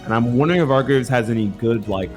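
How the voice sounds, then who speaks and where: A man doing casual, jokey esports commentary on a fighting game tournament, excitable and full of swearing. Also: mid-range voice, fast talker, music in the background.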